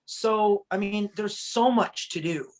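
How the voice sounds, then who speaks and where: A man from Canada, a country singer, chatting as a guest in a casual video-call interview and telling stories with lively acted-out quotes. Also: sits high, slow pace. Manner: animated storyteller, acts out quotes.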